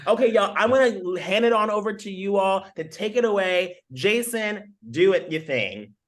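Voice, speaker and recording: A man's voice: sits high, lively intonation, moderate pace, a bit bright. A man hosting a webinar over a video call, exuberant and full of hype, calling everyone y'all. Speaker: webinar host.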